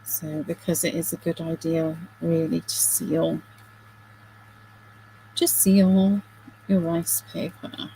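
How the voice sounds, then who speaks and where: A woman's voice: sits low, little pitch movement, takes it slowly, gravelly, pauses often, dark tone, slight background noise, poor audio. A middle-aged woman hosting a craft video, chatting casually and self-deprecatingly while she works, with giggly asides.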